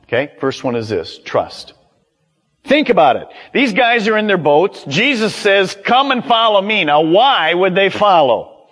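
An older man preaching a sermon as pastor, animated and acting out quoted voices. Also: mid-range voice, husky, in a large hall.

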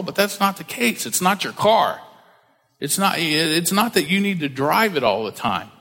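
A man's voice: fairly high pitch, expressive, moderate pace, bright, forceful tone, long reverb tail. A man preaching a conversational church sermon, acting out the voices of the people he quotes. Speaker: pastor.

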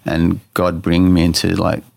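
A man's voice: low-pitched, little pitch movement, normal speed, gravelly, no echo, clean studio sound. A man telling a personal story in an interview, earnestly, with many restarts, acting out his own thoughts in quoted lines. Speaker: interview guest. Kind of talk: personal testimony in conversation.

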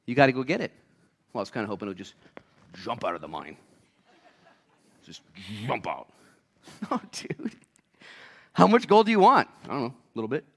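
A man preaching a sermon as a pastor, acting out little voices, swinging between loud shouts and quiet asides. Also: mid-range voice, very animated, fast talker, long pauses.

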